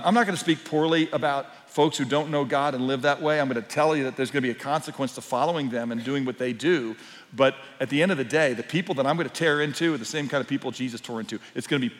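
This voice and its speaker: A man preaching a sermon as pastor, swinging between quiet, intimate passages and loud, emphatic ones. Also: medium pitch, big-room sound.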